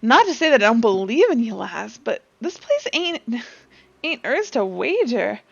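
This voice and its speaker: Give me a woman playing a gruff sailor with a rough, slow pirate drawl. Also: on the high side, big pitch swings, heavily acted. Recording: dull lo-fi stream audio.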